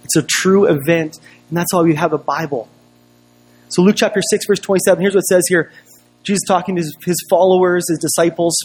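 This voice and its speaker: A man's voice: high voice, steady tone, fairly quick, a little mellow, slightly rough. A man preaching a sermon as pastor, telling a personal story in a conversational way full of rhetorical questions.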